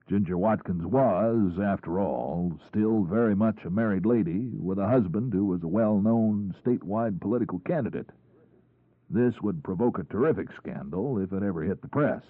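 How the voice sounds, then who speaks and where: A man reading a crime audiobook in the first person, in a measured storytelling delivery. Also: deep voice, dry recording. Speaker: audiobook narrator. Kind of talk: first-person scripted narration. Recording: tinny phone-like, husky, dry.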